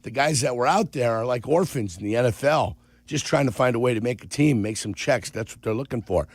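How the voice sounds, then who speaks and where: Casting: radio sports guy, gravelly and stuffed-up, blunt teaser, dry close mic. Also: medium pitch, fairly quick, no room sound. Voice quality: gravelly, congested voice. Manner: blunt, teasing, opinionated. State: sinus congestion. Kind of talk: casual sports talk. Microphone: studio broadcast mic.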